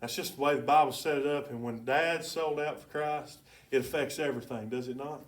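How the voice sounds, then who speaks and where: Give me an excitable man preaching to a church, a bit off-mic. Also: mid-range voice, brisk, recorded from a distance. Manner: excitable, colloquial storytelling with sudden loud bursts. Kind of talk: sermon with storytelling. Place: church sanctuary.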